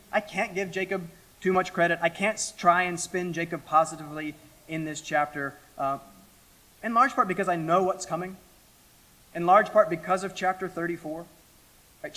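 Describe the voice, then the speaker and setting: A middle-aged man preaching an expository sermon to his church, emphatic, with dramatic pauses and sudden drops from loud to hushed. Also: on the high side. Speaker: pastor.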